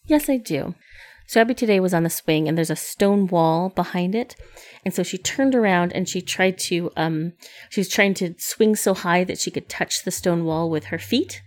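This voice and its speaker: A woman co-hosting a casual chat, telling a quick, upbeat story. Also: lowish voice. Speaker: podcast co-host.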